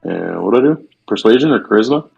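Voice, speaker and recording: A man's voice: fairly low pitch, lively intonation, fast talker, creaky, darkish tone, breathy edge, highs cut off, soft background music. A man player in a tabletop game who speaks hesitantly with many fillers.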